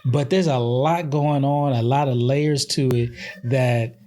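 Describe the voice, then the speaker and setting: A man hosting a podcast, retelling film scenes in casual, animated chat. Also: medium pitch, measured pace. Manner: animated storyteller, retells scenes with quoted voices. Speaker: podcast host. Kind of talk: casual movie review chat.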